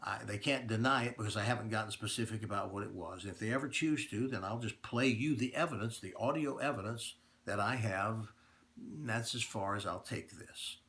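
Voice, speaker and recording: Speaking at a normal speed in a fairly low, slightly bright voice, a middle-aged man delivers a monologue straight to his radio audience. He keeps it plainspoken and hammers points home through repetition.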